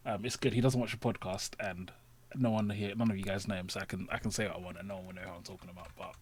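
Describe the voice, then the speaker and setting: A man's voice: sits low, steady tone, very fast, husky. A man hosting a podcast, chatting casually and animatedly acting out his own past rants. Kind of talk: casual chat.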